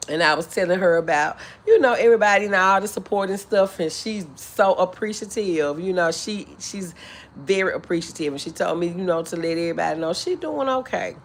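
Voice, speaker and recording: A woman hosting a live stream in a casual chat, reading viewer comments aloud and answering with affectionate drawn-out greetings, calling people honey and boo, clearing her throat now and then. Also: lowish voice. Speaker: livestream host.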